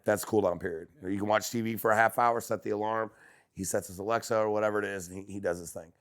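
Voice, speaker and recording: A man on a podcast as a guest, chatting casually and telling animated stories, acting out quotes. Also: on the low side, fast. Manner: animated storyteller who acts out quotes.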